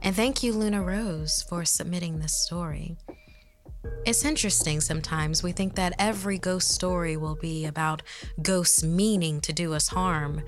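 A woman host reading a ghost story aloud in a measured way, dropping to a whisper at eerie moments. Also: on the low side, faint music behind.

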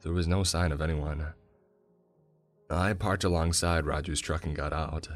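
A man with a very deep voice narrates a first-person horror story in a measured, steady way. Faint music plays underneath.

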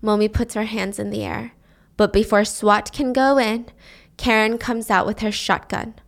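A young woman host telling the story of a drama in an animated, casual way, sometimes speeding up and sometimes slowing for the sad parts. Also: medium pitch, vocal fry. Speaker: podcast host recapping a drama.

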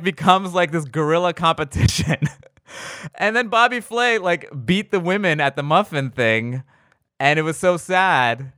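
A man hosting a podcast, telling stories in casual chat and acting out quotes in high voices. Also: moderate pace, dry recording, clean studio sound. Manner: animated storyteller, acts out quotes in high voices. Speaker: podcast host.

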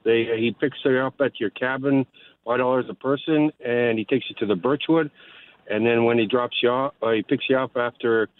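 A man's voice: medium pitch, fairly even intonation, moderate pace. A male caller talks on a phone line in a mid-range voice, hesitating and using frequent fillers. The sound is narrow and tinny. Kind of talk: call-in chat.

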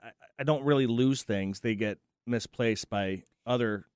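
A man chatting as co-host beside his wife, answering in short, halting bits and repeating words. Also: mid-range voice, a little mellow, clean tone, no room sound, studio quality. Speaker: co-host, husband. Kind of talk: casual chat.

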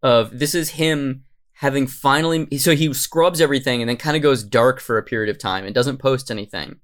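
Brief: co-host, casual explainer, mid pitch. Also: brisk. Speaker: podcast co-host. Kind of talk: casual chat.

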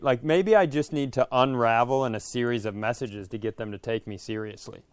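A man's voice: mid-range voice, fairly quick, hardly any pauses, clear, resonant tone, no room sound, clean studio sound. A man co-hosting a comedy podcast in casual chat, telling stories in an exasperated, self-mocking way.

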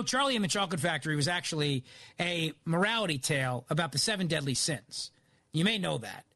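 Philly-accented male radio host, opinionated, high and bright. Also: no room sound. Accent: Philadelphia. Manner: animated, opinionated. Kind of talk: talk radio monologue.

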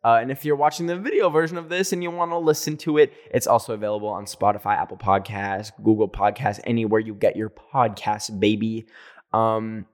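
A young man hosting a podcast, telling personal stories in a chatty, animated way, with lots of "like" and frequent laughs. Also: lowish voice, a little fast. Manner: animated, heavy use of "like", laughs often. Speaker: podcast host. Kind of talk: casual storytelling monologue.

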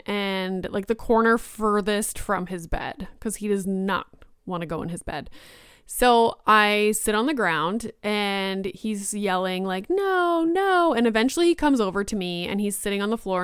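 In a clean, dry, studio-quality recording, a young woman with a medium-pitched voice hosts a podcast, chattily telling a story in a casual monologue and leaning on the word "like" throughout.

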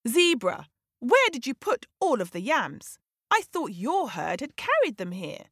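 A woman's voice: a little high, wildly swooping pitch, a little slow, a bit bright, no room sound, studio quality, pitched above the performer's own voice, full character voice. Woman doing a commanding male lion. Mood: demanding. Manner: growling, demanding. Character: proud commanding male lion, king of animals.

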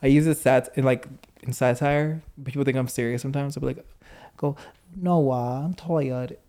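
A man's voice: medium pitch, little pitch movement, brisk, mellow. A young man co-hosting a podcast, chatting casually in a sassy, blunt way, tired and swearing freely. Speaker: podcast co-host. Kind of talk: casual chat.

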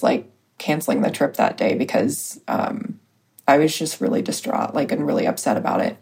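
Woman, low voice, podcast guest, casual storytelling, hesitant, many fillers. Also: darkish tone. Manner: hesitant, full of pauses and fillers.

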